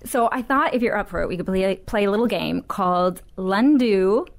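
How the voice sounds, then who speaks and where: A woman's voice: mid-range voice, moderate pace. A woman hosting a lighthearted interview, bubbly and enthusiastic, keen on puns. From United States. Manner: bubbly, enthusiastic, pun-loving. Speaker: interviewer host.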